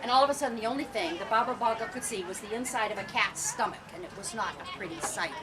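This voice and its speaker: A woman storyteller telling a tale to children in an animated way, quizzing the audience as she goes, filmed from afar on an outdoor festival stage. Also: fairly high pitch, fast. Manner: animated, asks the audience questions. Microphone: far camera. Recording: distant camera, outdoor crowd noise.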